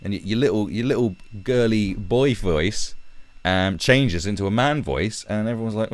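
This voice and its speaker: A man's voice: fairly low pitch, very animated, a little fast, dry recording. A man ranting sarcastically and swearing heavily as he reads and picks apart statistics on a live stream.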